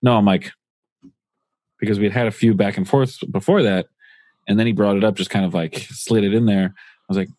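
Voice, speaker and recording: Deep, husky man rambling casually. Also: fairly even intonation, a little fast, pauses often, mellow, no echo. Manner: rambling, many fillers and restarts. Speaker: podcast co-host. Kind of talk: casual podcast chat.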